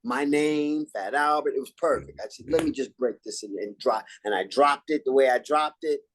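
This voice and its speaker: An older man from New York talks through his acting career in an easygoing interview. His voice sits in a middle register, and he slips into lively acted-out quotes as he tells the stories. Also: medium pitch, normal speed, slight background noise. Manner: animated, acts out quotes and catchphrases. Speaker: actor guest. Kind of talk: relaxed interview storytelling.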